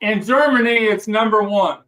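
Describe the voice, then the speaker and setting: A man's voice: sits high, moderate pace, a bit bright, far from the mic, rough recording. A man in a casual podcast chat, reporting facts in a matter-of-fact way.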